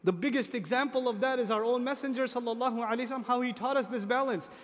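A man's voice: extremely high pitch, rapid-fire. A man preaching a sermon to an audience, emphatic, repeating key phrases, asking rhetorical questions and making joking asides. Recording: long hall reverb.

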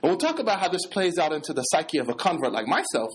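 An American man, an imam, giving a lively religious lecture in casual street slang mixed with scholarly terms. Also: on the high side, fast. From United States.

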